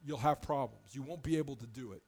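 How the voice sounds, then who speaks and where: A man's voice: mid-range voice, quick pace, a little mellow, slightly rough. A man preaching a sermon as pastor, in a conversational, plain-spoken way, often restarting his phrases as he explains.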